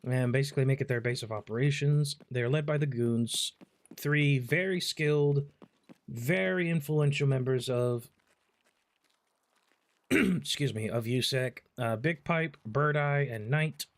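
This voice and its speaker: A man's voice: medium pitch, measured pace. A man casually commenting on his gameplay, swearing often and telling stories with lots of energy. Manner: profane, animated storytelling. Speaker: gaming streamer.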